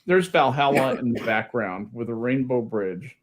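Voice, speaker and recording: A male podcast host in a casual group chat, talking haltingly with restarts and wry jokes. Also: medium pitch.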